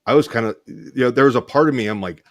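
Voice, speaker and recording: A man co-hosting a show, telling a story in a casual, halting way with many restarts and "you know"s. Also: mid-range voice, no room sound, clean studio sound. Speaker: co-host hypnotist.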